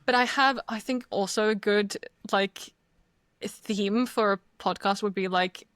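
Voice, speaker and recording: A woman's voice: mid-range voice, measured pace, a bit bright, no echo, studio quality. A woman chatting as a podcast guest, rambling and laughing often as she talks. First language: not English. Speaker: podcast guest, dungeon master. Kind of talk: casual chat.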